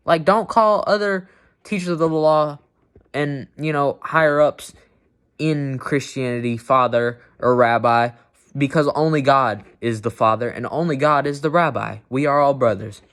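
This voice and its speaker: A man's voice: mid-range voice, moderate pace, a bit bright, clean tone. A man reading Bible verses aloud and commenting on them bluntly and emphatically, with many "you know" fillers.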